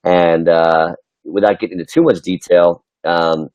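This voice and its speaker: A man speaking as an interview guest, relaxed and a bit hesitant, with many fillers. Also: low-pitched, unhurried, no echo, lo-fi sound. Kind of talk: casual interview talk.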